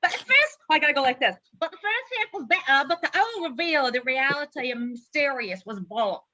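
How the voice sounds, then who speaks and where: A woman's voice: high-pitched, sharp tone, muffled recording, pitched above the performer's own voice. A woman putting on a bumbling mock-British bloke. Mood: jokey. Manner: deliberately bad imitation.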